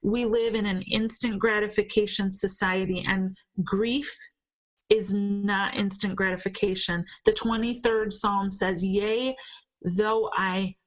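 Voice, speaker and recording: A woman in her forties speaks slowly and with care, in an earnest, encouraging way. Her pitch sits in the middle of the range, and she pauses to restart her phrases gently as she talks about her faith in an interview. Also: fairly even intonation, poor audio. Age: 40s. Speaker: guest. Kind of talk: faith-based interview talk.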